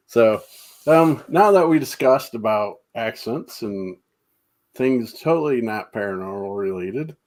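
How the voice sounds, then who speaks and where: Low-voiced host, halting speech. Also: male voice, a little mellow. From New York State. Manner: halting, many fillers. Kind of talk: casual chat.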